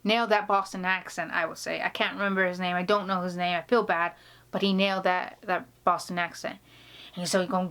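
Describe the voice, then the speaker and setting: A woman's voice: fairly low pitch, little pitch movement, a little fast, a bit bright, smooth. A woman vlogger chatting casually indoors, telling a story with laughs and many restarts. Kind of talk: casual chat. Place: indoor room.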